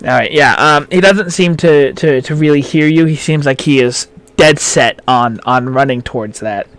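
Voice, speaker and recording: Male game master, a bit higher voice, halting narration. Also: a bit bright, clear, resonant tone, no room sound. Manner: halting, many fillers.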